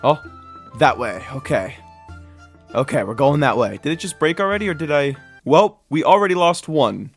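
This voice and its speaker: A man's voice: a little high, animated, normal speed, soft background music. A young man giving casual, upbeat let's-play commentary on his game, with dramatic reactions. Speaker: gaming YouTuber.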